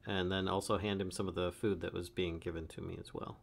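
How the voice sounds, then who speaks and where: A man playing a tabletop role-playing game, declaring his character's actions in a halting way with many uhs. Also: deep voice, flat delivery, gravelly. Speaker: player. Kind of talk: casual tabletop game play.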